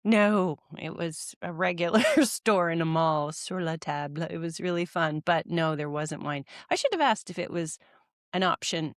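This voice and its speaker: A woman's voice: on the low side, normal speed, dry recording, studio quality. Laughing, swearing woman podcast host. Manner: laughs often, swears freely. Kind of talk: casual chat. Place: California.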